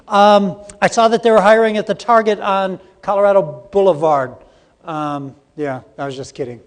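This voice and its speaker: Speaking a little fast in a fairly high voice, a middle-aged man presents a live training seminar. He keeps it jokey and interactive, quizzing the audience, and the conference hall gives the recording a long reverb.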